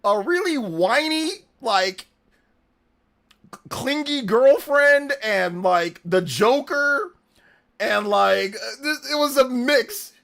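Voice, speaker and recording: A young man hosting a live reaction stream, chatting in a relaxed, slangy way, humming tunes and laughing often. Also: very high-pitched, slow pace, gravelly.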